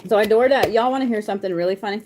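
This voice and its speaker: A woman's voice: mid-range voice, very fast, darkish tone, slight background noise. A woman, chatting casually on a live stream as a card reader, laughing often and swearing freely.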